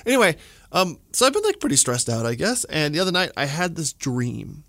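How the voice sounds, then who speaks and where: A man's voice: on the high side, big pitch swings, fairly quick, fairly bright tone, no room sound. A man, telling a story casually in a studio, with lots of fillers and laughter. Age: 40s.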